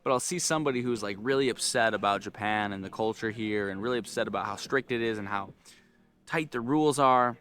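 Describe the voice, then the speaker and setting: A young man casually telling a story to his viewers, acting out loud yells along the way. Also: a little fast. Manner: animated, acts out screaming with loud high yells. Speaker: vlogger.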